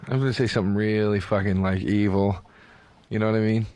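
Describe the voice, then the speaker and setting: A man's voice: on the low side, steady tone, quick pace, a little mellow, dry recording. A man co-hosting a radio comedy show from a studio, loose and profane, acting out scenes as he talks. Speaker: radio co-host.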